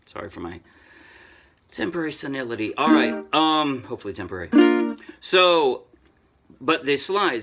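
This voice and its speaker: A man's voice: mid-range voice, animated, measured pace, over loud music. Chatty older man teaching ukulele. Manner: chatty, self-deprecating, thinks aloud with restarts. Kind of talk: casual music tutorial. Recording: ukulele playing loudly throughout. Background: ukulele playing.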